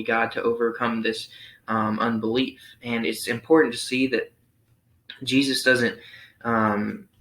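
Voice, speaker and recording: Bright flat-voiced young man teaching. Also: medium pitch. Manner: relaxed, thinking aloud with frequent ums. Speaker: youth Sunday school teacher. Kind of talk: Bible reading and casual lesson. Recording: roomy echo.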